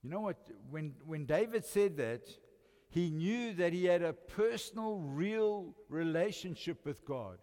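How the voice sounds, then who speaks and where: Older South African pastor, reverberant hall. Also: male voice, fairly high pitch, animated, measured pace. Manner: swings between loud emphatic lines and quiet intimate ones. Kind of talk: sermon. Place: church hall. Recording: long church reverb.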